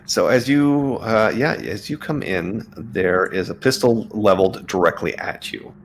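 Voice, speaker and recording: A man narrating as game master of a tabletop game, relaxed, with lots of fillers and laughs. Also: on the low side, a little slow.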